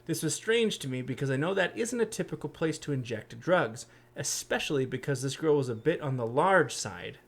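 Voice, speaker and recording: A man's voice: fairly high pitch, animated, normal speed, hardly any pauses. A man co-hosting a podcast, reading creepy stories aloud in a casual way and breaking off with blunt, joking reactions.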